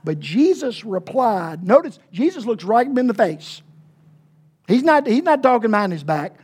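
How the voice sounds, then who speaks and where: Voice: mid-range voice, sing-song, a little mellow, slightly rough. Homespun pastor, informal sermon delivery, stops and starts, then presses points hard. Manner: conversational, halting with fillers, emphatic asides. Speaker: pastor of a small church.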